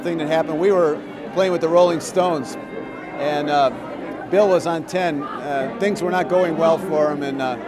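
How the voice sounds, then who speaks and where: A man with a fairly high voice tells a story in an interview, acting out the people he quotes. A loud crowd chatters around him at a busy venue. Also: moderate pace, over music. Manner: animated storyteller, acts out quotes. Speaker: interviewee, musician. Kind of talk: casual interview anecdote. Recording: crowd noise behind.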